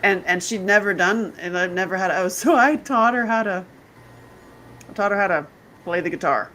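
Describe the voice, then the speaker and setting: A woman's voice: medium pitch, normal speed, sharp tone, a little hiss or hum. A woman from North Carolina hosting a podcast, telling candid, bawdy stories in casual chat and laughing often. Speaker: podcast host.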